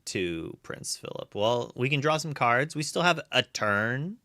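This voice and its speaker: A man co-casting a live card game whose pitch swings widely as he reacts. He trades quick, jokey banter, and the sound is close and dry. His talk is loose and conversational. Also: expressive, pushed and bright, dry recording. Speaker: co-caster.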